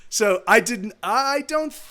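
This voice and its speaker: Stream host, young man, high voice, rambling storyteller. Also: animated, slow, bright, forceful tone. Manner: rambling storytelling with many restarts and acted quotes. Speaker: livestream host. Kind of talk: casual chat.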